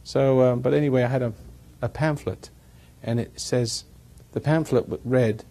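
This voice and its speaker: A man's voice: mid-range voice, steady tone, normal speed, dark tone. A man giving a rambling talk to a live audience, chuckling at his own jokes as he tells stories. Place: evening gathering with an audience.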